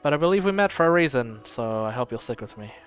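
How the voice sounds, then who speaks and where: A man playing a gruff loud old nobleman. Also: mid-range voice, expressive, quick pace, lightly acted. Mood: gentle. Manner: blustery, barking, swears often.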